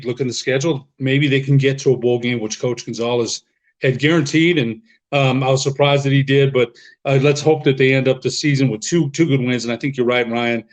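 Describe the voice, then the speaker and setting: An older man co-hosting a sports podcast, talking earnestly as a longtime fan. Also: mid-range voice. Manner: earnest, loyal fan talk. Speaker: podcast co-host. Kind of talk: casual sports podcast chat.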